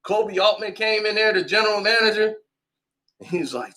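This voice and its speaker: Male sports vlogger, animated storyteller, bright edgy voice. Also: high-pitched, moderate pace, slight background noise, poor audio. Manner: animated storytelling, laughs often. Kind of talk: casual sports commentary.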